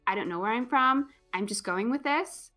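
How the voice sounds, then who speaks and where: A woman's voice: a little high, animated, normal speed, pushed and bright, faint music behind. A woman putting on an American accent with a drawling twang, on a live game stream. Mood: playful.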